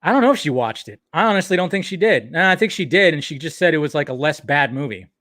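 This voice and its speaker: A man hosting a live stream, ranting in an excitable way. He swears often and laughs at himself. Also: fairly high pitch, fast talker.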